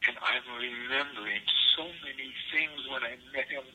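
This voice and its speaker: Bright, husky older man telling a story. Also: medium pitch, fairly even intonation, normal speed, poor audio. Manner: vivid, dramatic storyteller with sudden shifts in loudness. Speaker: interview guest. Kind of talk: storytelling in a radio interview.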